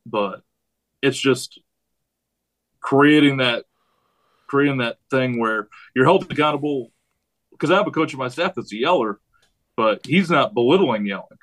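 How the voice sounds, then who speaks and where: A high school head football coach talking casually on a podcast, rambling and acting out what he yells at his players. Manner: rambling, animated storytelling with quoted yells.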